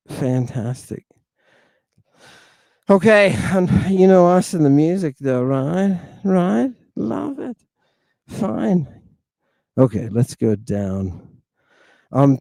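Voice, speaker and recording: Male language teacher, unhurried, warm, dry close sound, spells out syllables and cheers progress. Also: medium pitch, dry recording. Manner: drills words syllable by syllable, repeats them slowly; bursts of delighted praise. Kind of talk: pronunciation lesson.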